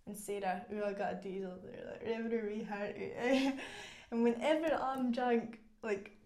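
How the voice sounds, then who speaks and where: A young Scottish woman with a brightish, higher voice, chatting and laughing easily. She tells her stories with animation, and the room around her rings with echo. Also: a little slow. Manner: giggly, animated storyteller. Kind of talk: casual chat. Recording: roomy echo.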